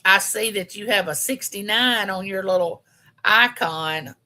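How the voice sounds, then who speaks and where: A woman's voice: medium pitch, a little slow, sharp tone. A woman, chatting homily and directly with viewers on a casual live stream. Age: 50s. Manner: chatty, homey, talks straight to her viewers.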